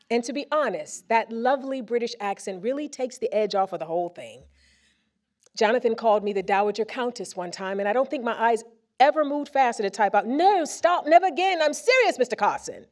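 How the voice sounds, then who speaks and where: Woman, speech read aloud on stage, expressive, comic timing, stage mic. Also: on the high side. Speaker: presenter reading a personal story. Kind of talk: reading a first-person speech aloud on stage. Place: theater stage before a live audience.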